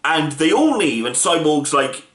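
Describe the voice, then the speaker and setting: A man's voice: fairly high pitch, big pitch swings, unhurried, fairly bright tone. A man casually reviewing a film, retelling the plot with enthusiastic, rambling energy. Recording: roomy echo.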